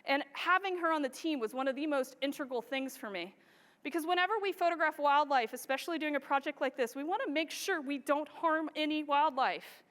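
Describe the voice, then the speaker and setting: On stage before a live audience, a woman who photographs wildlife shares stories, lively and thrilled, often laughing as she goes. She talks a little fast in a high, bright-pitched voice that echoes with long reverb through the big hall.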